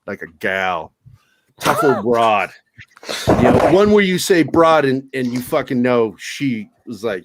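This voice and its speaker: An older man from Virginia with no regional accent, a podcast guest telling profane, animated stories in casual chat. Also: medium pitch, slow. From Virginia, USA. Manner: profane, animated storytelling with put-on voices.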